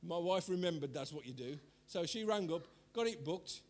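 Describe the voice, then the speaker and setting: High-voiced preacher telling stories. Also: male voice, lively intonation, normal speed, a little mellow. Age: older. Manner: chatty, rambling storyteller who laughs at himself. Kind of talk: sermon with personal anecdotes.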